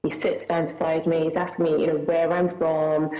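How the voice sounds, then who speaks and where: A woman's voice: low voice, little pitch movement, moderate pace, dark tone, echoey room, poor audio. A woman with a Scottish accent, a guest recounting a personal experience in an earnest, vivid way, acting out what people said. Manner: earnest, vivid storytelling with acted-out dialogue.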